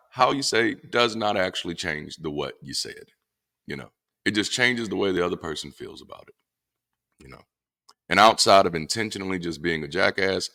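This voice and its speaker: Deep gravelly blunt man. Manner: blunt and profane, with animated emphasis. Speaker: former pastor turned atheist commentator. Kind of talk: casual monologue to camera.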